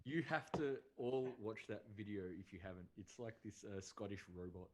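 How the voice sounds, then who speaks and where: A man co-hosting a live football watch-along, telling rambling jokey stories with excitement. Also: lowish voice, normal speed, noisy background. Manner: excitable, rambling storytelling, laughs.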